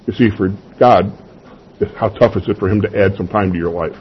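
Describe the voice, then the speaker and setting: A man preaching a sermon and teaching from scripture, emphatic and given to rhetorical questions and soft chuckles. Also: fairly low pitch, normal speed, pauses often, slightly rough, highs cut off. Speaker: pastor.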